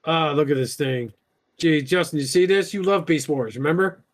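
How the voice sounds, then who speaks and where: A man hosting a podcast, chatting casually, excitable and jokey with lots of swearing. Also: fairly high pitch, moderate pace. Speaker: podcast host. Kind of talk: casual chat.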